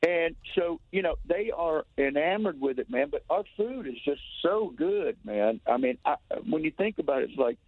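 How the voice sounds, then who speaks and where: A Southern-accented Tennessee man, a touring musician, phones into a radio show for an easygoing interview. His fairly high voice is animated at normal speed with hardly any pauses, rambling enthusiastically through many restarts on a tinny, dry telephone line.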